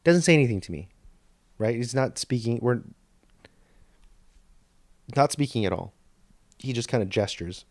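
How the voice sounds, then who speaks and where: A man's voice: mid-range voice, expressive, normal speed, pauses often, a little mellow, dry recording. A man hosting a podcast, telling a story in a rambling, profane, stop-start way into a studio microphone. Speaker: podcast host. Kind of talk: casual storytelling monologue.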